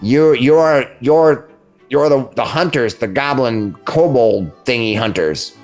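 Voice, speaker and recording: A man voicing a cranky, eccentric middle-aged man who shouts at his dog. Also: medium pitch, slow pace, soft background music. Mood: grumbling.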